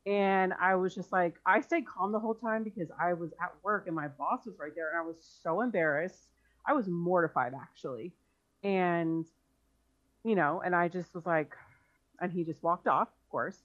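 A woman's voice: lowish voice, moderate pace, lo-fi sound. A woman guest on a podcast, hesitantly recounting a personal story with many fillers. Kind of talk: casual podcast conversation.

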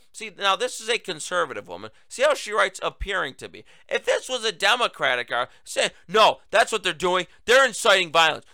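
Guy hosting a talk show, super animated and sarcastic, bright crisp voice, dry sound. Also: high voice, no room sound. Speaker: host. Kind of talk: political talk show monologue.

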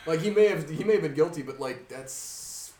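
Animated, swearing young man, off mic. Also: a little high, moderate pace, recorded from a distance, slight background noise. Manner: animated storyteller, heavy swearing, laughs often. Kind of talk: casual chat. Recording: roomy sound from off mic.

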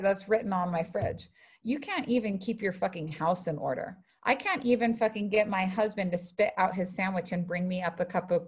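A young woman giving a live spiritual talk to an audience, blunt and profane, swinging between hushed asides and loud, animated bursts. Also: mid-range voice. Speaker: spiritual speaker.

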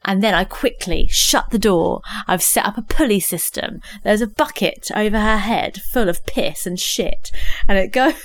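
A woman's voice: medium pitch, moderate pace, few pauses, no room sound. A woman on a comedy podcast, gleefully narrating an absurd prank and laughing through it. Her voice sits mid-height, recorded dry and close with no room sound. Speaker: podcast co-host. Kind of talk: comic storytelling chat.

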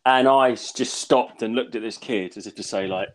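A man's voice: mid-range voice, normal speed. A man, a comedian co-hosting a podcast, telling gig stories in casual chat and acting out the people he quotes. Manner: animated storyteller, acts out quotes.

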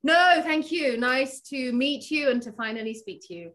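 A woman guest speaking in a fairly high voice, chatty and animated. She laughs often as she tells a story in a casual interview. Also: normal speed. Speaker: actress guest.

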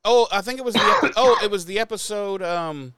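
A man's voice: high-pitched, fast, clear, resonant tone, no echo. A man co-hosting a podcast, chatting casually about a TV episode with lots of swearing and laughter, acting out characters' lines. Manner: profane, laughing, acts out lines from the show. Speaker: podcast co-host. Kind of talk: casual chat recapping a TV episode.

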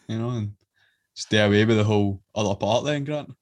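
A man's voice: fairly low pitch, brisk. A man, co-hosting a podcast with joking, crude banter. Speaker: podcast co-host. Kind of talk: casual chat.

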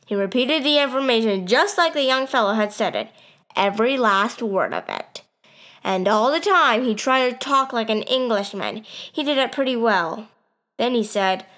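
A woman reading a story aloud as its first-person narrator, in a plain, steady storytelling manner. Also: fairly high pitch.

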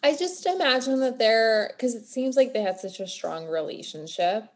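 A woman's voice: on the high side, animated, normal speed. A woman co-hosting a podcast, responding to a story in a reflective, casual chat. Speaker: podcast co-host.

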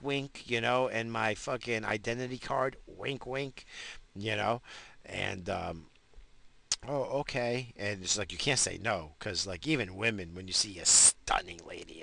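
Gravelly, profane man hosting a podcast. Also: lowish voice, sharp tone. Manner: crude and profane, joking, rambling. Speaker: podcast host. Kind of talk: casual rambling monologue.

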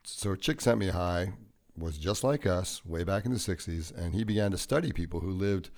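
A man co-hosting a podcast, talking in a relaxed, rambling and jokey way. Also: sits low, moderate pace. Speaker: podcast co-host. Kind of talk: casual podcast chat.

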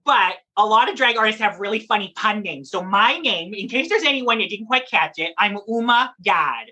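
A woman who performs in drag and reads at story time, chatting in a lively, playful interview and laughing often. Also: mid-range voice, normal speed, slightly rough.

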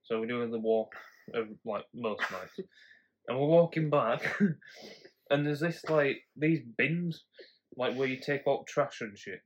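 A young man, a podcast co-host telling stories in casual chat, animated and laughing often. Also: mid-range voice, a little slow, slight background noise.

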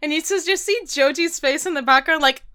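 A woman's voice: high voice, brisk. A young woman co-hosting a podcast, telling stories in casual chat with lots of giggling. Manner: giggly, animated storytelling. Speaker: podcast co-host.

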